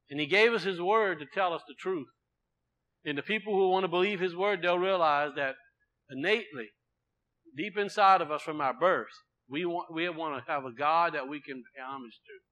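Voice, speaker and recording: A male preacher delivers a sermon in a high, bright, forceful voice. He swings between loud proclaiming and quiet, low asides, and he often repeats his words for weight. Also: moderate pace, rough recording.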